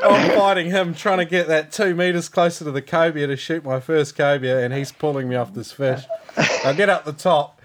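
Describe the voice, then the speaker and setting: A man's voice: a little high, moderate pace. A man telling a story in laid-back casual chat, swearing freely and laughing along.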